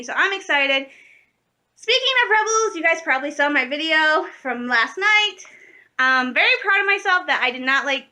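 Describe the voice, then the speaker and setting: A young woman vlogging in a casual, gushing way, talking fast and emotionally. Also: sits high, pushed and bright. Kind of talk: excited casual fan vlog.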